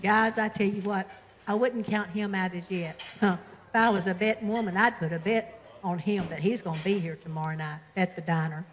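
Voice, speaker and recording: A woman's voice: medium pitch, fairly even intonation, brisk, slight background noise, lightly acted. A woman playing a folksy diner lady. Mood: doting. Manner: folksy, doting, calls people honey and darling. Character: motherly diner woman, warm-hearted and folksy. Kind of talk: church stage drama. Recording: reverberant hall with faint music.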